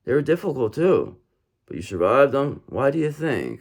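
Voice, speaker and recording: With a gravelly, slightly mellow medium-pitched voice that swings widely in pitch, a man reads tarot for viewers at normal speed. He leans into his words, repeats lines for effect, and asks "okay?" while calling them "brother."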